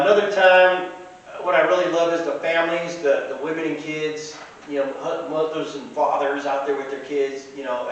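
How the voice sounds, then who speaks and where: A man's voice: mid-range voice, lo-fi sound. A man casually telling rambling anecdotes from costume fairs. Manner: rambling, chatty. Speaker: storyteller. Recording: echoey room, distant mic, faint hiss.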